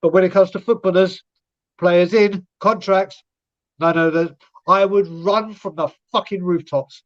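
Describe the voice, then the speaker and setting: A man's voice: high-pitched, fairly even intonation, unhurried, muffled recording. A man co-hosting a live football fan stream, ranting sarcastically and swearing.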